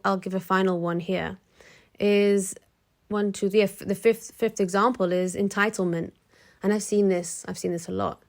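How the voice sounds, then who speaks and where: Chatty woman vlogging, blunt and animated, acts out people she quotes, mid pitch. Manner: frank and chatty, many restarts. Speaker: motivational vlogger. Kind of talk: casual talk to camera.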